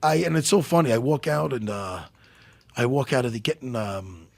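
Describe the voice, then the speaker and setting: Raspy, lively joking man. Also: mid-range voice, moderate pace, no echo. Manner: animated, joking, profane. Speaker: co-host and fight analyst. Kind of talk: casual chat.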